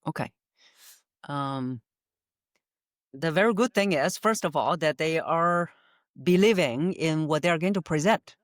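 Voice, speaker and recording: A woman's voice: sits low, measured pace, pauses often, dry recording, clean studio sound. A woman voice coach answering podcast interview questions methodically, laying out her points by number with frequent "uh" fillers and easy laughter. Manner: laughs easily. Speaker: voice coach guest.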